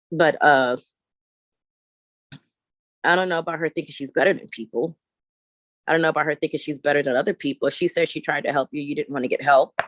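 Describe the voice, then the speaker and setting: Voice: medium pitch, dry recording. Profane, exasperated ranting vlogger. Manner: profane, exasperated and blunt, rambling. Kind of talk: ranting vlog storytelling. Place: walking around filming while talking.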